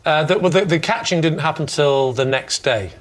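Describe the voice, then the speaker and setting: A man who is a panel show team captain, telling a comic anecdote with deadpan wisecracks. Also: on the high side, normal speed.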